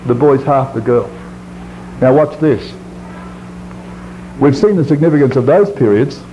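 A man preaching a sermon, stressing words hard and dropping to low quiet phrases, reading scripture in slow drawn-out tones. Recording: dull lo-fi recording with faint hiss.

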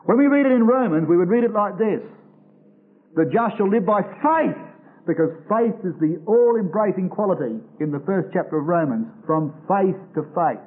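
A man preaching an expository Bible sermon, slowing down to stress each quoted verse. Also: high-pitched, animated. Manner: slows to stress quoted scripture. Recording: tinny phone-like recording.

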